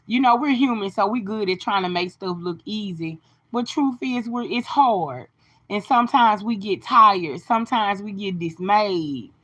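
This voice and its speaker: A woman's voice: medium pitch, unhurried, fairly bright tone, dull audio. A woman hosting a casual phone live stream, greeting viewers by name and giving encouraging, sermon-like talk. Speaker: livestream host.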